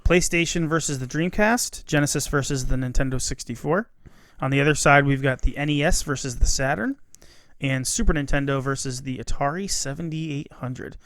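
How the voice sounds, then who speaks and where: A man's voice: mid-range voice, normal speed, fairly bright tone, no room sound. A man in his thirties co-hosting a casual podcast, playful, laughing often as he rattles off lists. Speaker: podcast co-host. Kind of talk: casual chat.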